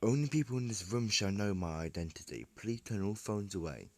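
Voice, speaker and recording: A man's voice: lowish voice, lively intonation, brisk, darkish tone, no room sound. A man voicing a formal, commanding AI-run armor suit in a fan story, with stilted speech.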